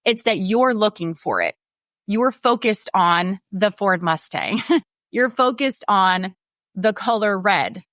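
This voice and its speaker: A woman in her forties gives a casual motivational talk on her podcast, blunt and candid, dropping swear words and laughing often. Her voice sits at a middle pitch and is recorded close and dry, with almost no room sound. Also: expressive, slow pace, fairly bright tone, dry recording. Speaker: podcast host.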